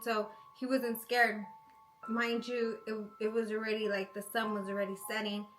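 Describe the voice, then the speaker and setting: A woman telling a spooky story in a casual way, packed with "like" and "you know", sometimes going hushed. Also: on the high side, level tone, normal speed, soft background music, rough recording. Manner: chatty, full of "like" and "you know" fillers.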